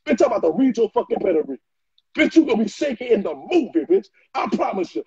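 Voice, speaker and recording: A man doing a loud, flamboyant ranting reaction video, trading in trash talk and frequent shouting. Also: sits high, sing-song, fast, slightly rough, no echo. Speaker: social media personality. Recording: muffled lo-fi dry recording.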